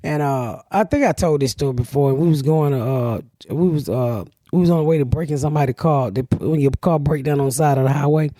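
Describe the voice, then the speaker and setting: Woman, comedian host, loud profane storytelling, dry close sound. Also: low-pitched, quick pace, few pauses, dry recording. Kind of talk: casual storytelling chat.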